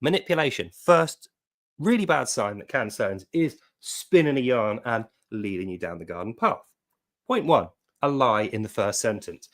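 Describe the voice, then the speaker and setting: A man's voice: medium pitch, expressive, normal speed. A man giving mocking, incredulous commentary as an online commentator. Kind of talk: sarcastic commentary rant.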